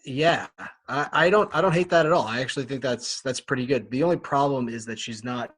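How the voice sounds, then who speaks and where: A man's voice: mid-range voice, a little fast, fairly bright tone. A man co-hosting a casual book club podcast, chatty and easygoing, often laughing as he leads the discussion. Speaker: podcast co-host.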